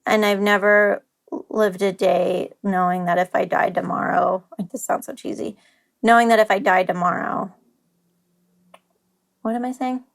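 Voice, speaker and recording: A woman's voice: medium pitch, steady tone, a little slow, creaky. A woman speaks as a podcast guest in an open, emotional way. She sounds nervous and close to tears, and her thoughts come out in bursts of "like" and restarts in a mid-range voice. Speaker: guest, company founder. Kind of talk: candid podcast conversation.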